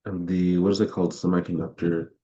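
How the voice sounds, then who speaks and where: A man's voice: deep voice, level tone, fast, mellow. A young man streaming, chatting casually about his investments and filling his talk with "like" as he rambles. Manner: rambling, heavy on "like" fillers. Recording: dull lo-fi stream mic.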